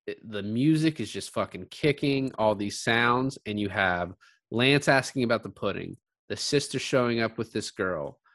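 A man's voice: fairly low pitch, normal speed, a bit bright, no room sound, studio quality. A man co-hosting a casual film chat, retelling scenes with lots of laughter and fillers. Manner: chatty, laughs often, retells scenes with quoted lines. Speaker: podcast co-host.

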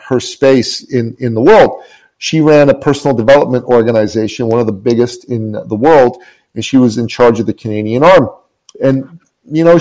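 Warm and medium in pitch, a business coach's voice comes through poor audio as he guests on a show. He shares an inspiring story with earnest emphasis, frequently circling back to repeat his phrases.

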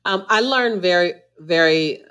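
A woman's voice: lowish voice, unhurried, a bit bright, clear, resonant tone. A woman who is a motivational speaker, a guest on a podcast interview, talking with emphatic, preacher-like repetition.

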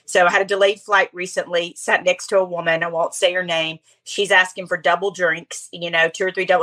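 A middle-aged woman chatting as a podcast guest, telling stories in an animated way with quick asides. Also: lowish voice. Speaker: podcast guest, speaker coach. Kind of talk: casual interview chat.

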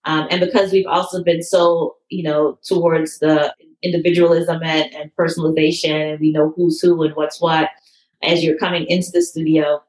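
Animated woman with a roomy echo. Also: deep voice, normal speed. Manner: emotional storytelling, animated quoted voices. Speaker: fitness studio owner. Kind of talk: interview conversation.

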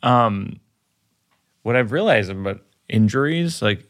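A man's voice: fairly low pitch, lively intonation, a little slow. A man in his forties, a stand-up comedian, telling a rambling, self-deprecating story in casual chat while working through jokes. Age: 40s.

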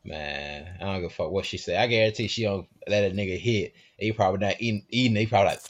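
A man's voice: deep voice, quick pace, hardly any pauses, highs cut off, slight background noise. A man co-hosting a casual podcast, blunt and emphatic.

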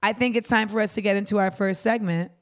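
A woman's voice: mid-range voice, steady tone, fast, over loud music. A woman hosting a live podcast in front of an audience, talking casually and frankly with slang and swearing, laughing often. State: losing her voice. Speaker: podcast host. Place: live show venue with audience.

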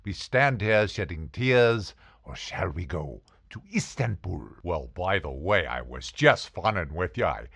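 A man doing an impression of a slow-drawling old-time cowboy film star. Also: sits low, animated, creaky, a bit bright, slightly rough, no room sound, studio quality, voice pushed down, heavily acted.

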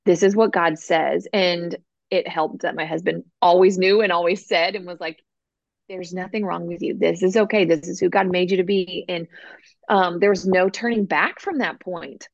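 Woman guest on a faith podcast, low voice, gravelly, earnest storytelling, dull lo-fi recording. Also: fairly even intonation, moderate pace, dry recording. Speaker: guest author and coach.

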